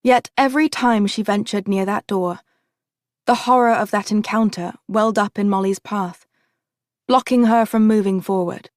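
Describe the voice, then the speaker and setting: This is scripted audiobook narration by a woman whose manner stays steady and even. She speaks at a moderate pace with medium pitch, and the clean studio audio has no room sound.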